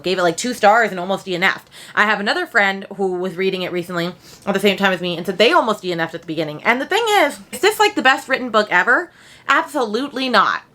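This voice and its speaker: A woman's voice: mid-range voice, sharp tone. A woman, chatting casually at home in a book vlog, rambling and full of slang. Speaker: book vlogger.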